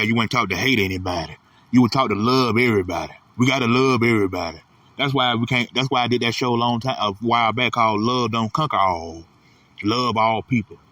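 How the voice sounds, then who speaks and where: A man's voice: mid-range voice, sharp tone, no room sound, distant mic. Blunt profane man ranting. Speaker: channel host. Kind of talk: casual ranting monologue.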